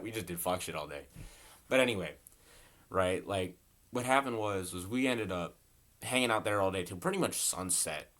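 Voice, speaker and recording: Low-voiced young man rambling a storytime. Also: fairly bright tone. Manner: rambling and profane, heavy on "like" and "bro". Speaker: storytelling vlogger. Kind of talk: casual storytime. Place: his bedroom at home.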